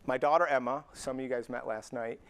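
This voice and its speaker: A man's voice: medium pitch, brisk, clear, resonant tone. A middle-aged man, a chiropractor giving an anecdote-filled talk to peers at an event, acting out dialogue as he goes. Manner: animated storyteller acting out dialogue.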